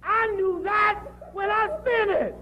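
A man's voice: extremely high pitch, takes it slowly, dull audio, noisy background. A man giving a joking, preachy talk to a live audience, telling stories from his own life. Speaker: speaker. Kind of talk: comic health lecture to an audience.

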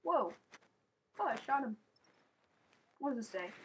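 A woman playing a platform game on camera, chatting playfully and breaking into shrieks and yells as she plays. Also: sits high, sing-song, measured pace, a little hiss or hum. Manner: playful, talks to the game and her cat. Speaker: gaming channel host. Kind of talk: let's play commentary.

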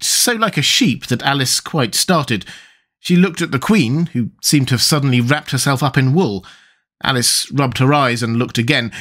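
A man narrating a classic children's novel as an audiobook, measured and expressive. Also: mid-range voice.

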